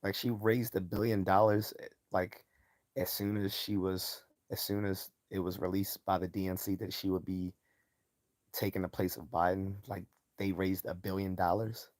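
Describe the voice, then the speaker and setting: A man's voice: low voice, little pitch movement, moderate pace, darkish tone, no echo. A man hosting a live stream in a casual commentary style, loose and mocking, chuckling often and swearing freely.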